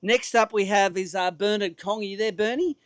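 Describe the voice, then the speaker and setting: A chatty Australian man runs a fishing weigh-in on an outdoor stage. His voice sits noticeably high. The sound is dry, with little room around it. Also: a little fast, clean tone, no room sound. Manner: chatty, upbeat, says mate constantly. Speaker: tournament weigh-in host. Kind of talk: live emcee banter and interviews.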